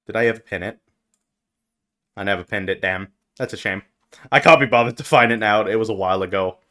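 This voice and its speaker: A young man streaming as a VTuber, chatting casually with his viewers and jumping from mumbled asides to loud yelps. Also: on the low side, brisk. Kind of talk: casual live-stream chat.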